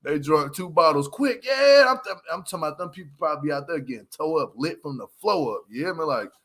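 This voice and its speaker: A man giving a casual, slangy recap of a reality show, with animated delivery and laughing asides. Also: fairly high pitch, quick pace.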